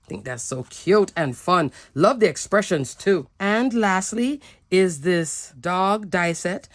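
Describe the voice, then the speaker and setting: A woman's voice: fairly low pitch, expressive, slow pace, no echo. A woman giving a casual, upbeat card-making product demo, chatty and often saying "like".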